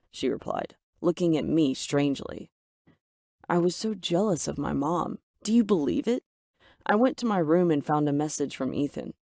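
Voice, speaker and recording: A woman's voice: deep voice, lively intonation, normal speed, mellow, dry recording, studio quality. A woman telling a first-person story in a dramatic, emphatic way. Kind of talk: scripted first-person narration.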